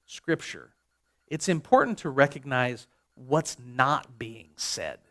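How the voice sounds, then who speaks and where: A man's voice: on the high side, a bit bright. A male pastor delivering a sermon in a conversational, jokey way, often restarting his sentences.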